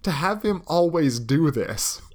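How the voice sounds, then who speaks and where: A man's voice: on the high side, expressive. Young male podcast co-host, casual and jokey. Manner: jokey, riffs with quick asides. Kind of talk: casual chat.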